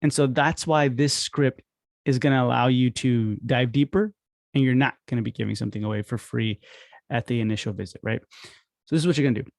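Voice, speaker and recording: A man in a casual instructional talk who acts out phone calls with quick voice shifts. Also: mid-range voice, creaky, no room sound, studio quality. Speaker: podcast host teaching dental marketing.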